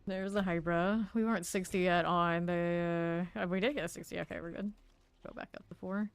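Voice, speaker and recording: A woman's voice: on the low side, fairly even intonation, moderate pace, clean tone, no echo. A woman from Florida streaming a game, chatting casually and rambling through side stories while she plays. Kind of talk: casual gameplay commentary.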